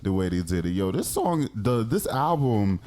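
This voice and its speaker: A man's voice: lowish voice, moderate pace, a little hiss or hum. A man co-hosting a casual music review podcast, talking in slang and quoting lyrics. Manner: animated, slangy, quotes lyrics. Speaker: podcast co-host.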